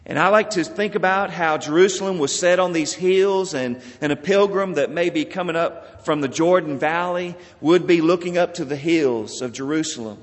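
A pastor preaching a sermon in a slow, measured way, lifting for emphasis and dropping soft at the ends of phrases. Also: male voice, on the high side. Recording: long reverb of a large hall.

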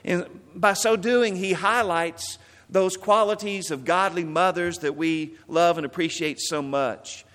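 A man preaching a sermon as pastor, telling stories and stressing words, then dropping softly. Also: high-pitched, steady tone, a little slow, long reverb tail.

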